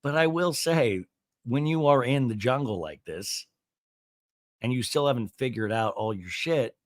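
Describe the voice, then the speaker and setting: Brief: animated male podcast host, gossipy recap, dry close mic. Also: medium pitch, a little slow, dry recording. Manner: animated, gossipy, acts out quotes. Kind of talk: casual reality-show recap.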